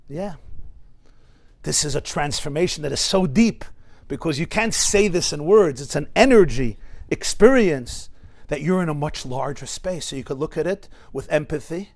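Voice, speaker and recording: A rabbi teaching a lecture-style class in a study hall, telling stories with asides and building to emphatic, impassioned peaks. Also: male voice, a little high, lively intonation, moderate pace, a little mellow. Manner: storytelling with asides to listeners.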